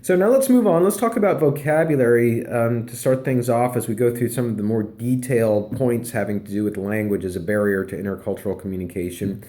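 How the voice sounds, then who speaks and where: A man's voice: mid-range voice, brisk, hardly any pauses, dark tone. A man, a professor, giving a conversational recorded lecture with fillers and emphatic repeats. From Pennsylvania.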